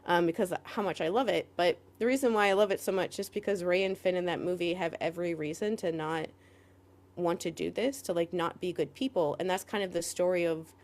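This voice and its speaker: A woman co-hosting a podcast in casual chat, rambling with lots of "like" fillers and quick laughs. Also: fairly low pitch, a little mellow. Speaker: podcast co-host.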